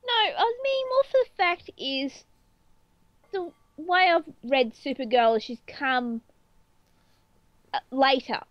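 A woman's voice: high-pitched, unhurried, long pauses, no room sound, highs cut off. A woman speaking as a panelist in a casual podcast chat, a bit hesitant.

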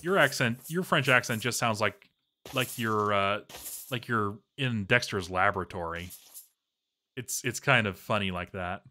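A man's voice: fairly low pitch, unhurried, sharp tone. A man giving casual, rambling and playful commentary while he plays a game, chatting to his viewers.

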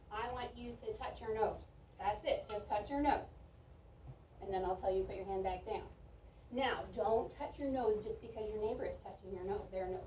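A woman teaching a reading lesson to a young class, speaking slowly and clearly and praising the children's answers. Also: medium pitch, a little mellow, slight background noise. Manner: slow, clear, encouraging teacher talk with drawn-out words. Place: school classroom. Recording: echoey, distant, dull classroom recording.

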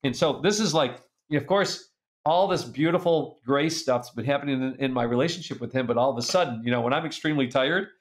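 A middle-aged man in an interview, telling a story in an animated way and laughing as he reads old letters aloud. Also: mid-range voice, fairly quick. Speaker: author and speaker.

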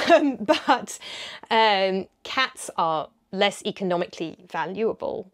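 A woman's voice: medium pitch, big pitch swings, takes it slowly, fairly bright tone. A woman, hosting a history video and explaining in a chatty way with frequent ums. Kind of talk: educational commentary.

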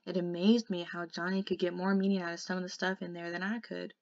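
A woman reading a novel aloud in an expressive way, softening to a hush in the quiet passages. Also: fairly low pitch, fast talker, creaky. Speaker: audiobook reader. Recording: dull lo-fi recording.

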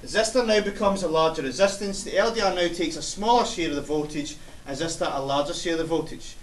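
A man's voice: a little high, fast. A male science teacher giving a classroom lesson, explaining step by step and checking in with the class. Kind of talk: classroom instruction. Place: school classroom. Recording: echoey classroom, mic far off, faint hiss.

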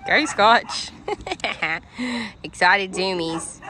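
A woman's voice: mid-range voice, animated, drawn-out words, crowd noise. A woman who works at a dog daycare, filming outdoors on her phone and cooing praise at the dogs in a sing-song voice. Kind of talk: casual vlog narration, talking to dogs. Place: outdoor dog play yard. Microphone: handheld phone camera.

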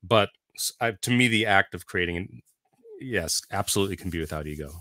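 A middle-aged man with a fairly low yet bright, forward voice speaks as an interview guest. He thinks aloud, reframes questions and lands jokes with wry timing. The sound is close and dry. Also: expressive, no echo. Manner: thoughtful, wry, tells jokes with deliberate timing. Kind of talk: casual conversation.

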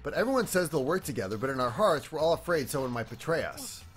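A man's voice: a little high, fast talker. A man reading a visual novel aloud, doing voices for the characters with casual asides. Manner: lively, asides and self-corrections between lines. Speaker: game streamer reading and voicing a visual novel.

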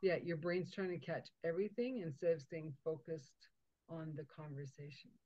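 A woman hosting a conversational interview, telling stories with lively acted-out dialogue. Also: deep voice, moderate pace. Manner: animated storyteller, acts out quoted dialogue. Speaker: podcast host. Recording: dull lo-fi audio.

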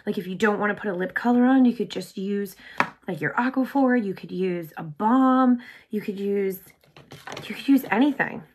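A woman hosting a casual makeup tutorial, bubbly and chatty, full of "like", often dropping to a soft whisper. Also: mid-range voice, moderate pace, a little hiss or hum. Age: adult with sons. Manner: bubbly, chatty, heavy use of "like".

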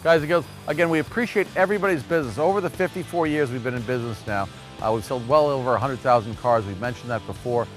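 A man's voice: medium pitch, fast talker, soft background music. A man hosting a local TV car-sales show at a dealership, chatty and folksy, with many fillers.

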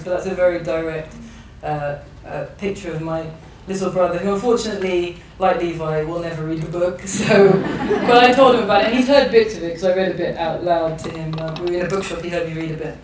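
This guest is an English novelist in her thirties, speaking in a public conversation in a large echoey hall. Her fairly low, slightly mellow voice holds a steady tone and runs fast with hardly any pauses, yet she's thoughtful and hesitant, often restarting sentences. She is far from the mic, and there's a little hiss or hum.

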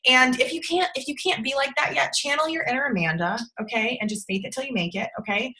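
A woman's voice: medium pitch, bright, forceful tone, low-quality recording. A woman giving casual coaching to a sales team over a livestream, chatty and bubbly, often checking in with "okay?".

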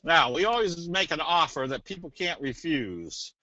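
A man presenting a trading webinar in a casual, folksy way, slipping in jokes and a sales pitch. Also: lively intonation, moderate pace, pushed and bright, no room sound. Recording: dull, dry webinar audio.

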